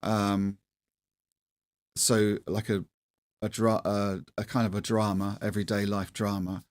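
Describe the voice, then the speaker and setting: A man's voice: on the low side, little pitch movement, unhurried, no echo. A middle-aged man hosting a livestream, chatting casually in a rambling, self-deprecating way with many restarts. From England. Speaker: livestream host.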